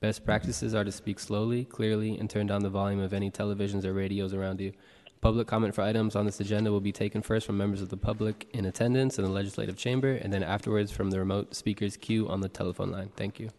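A man serving as a meeting clerk, reading the roll and announcements in a brisk, formal way, in a large chamber. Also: fairly low pitch, level tone, darkish tone. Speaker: board clerk. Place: legislative chamber in city hall. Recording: long reverb of a large chamber.

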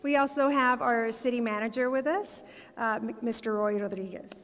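A woman's voice: a little high, moderate pace. A woman from giving a formal welcome speech as a city communications director, upbeat and reading out names with small fillers. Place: performing arts center hall. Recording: long hall reverb.

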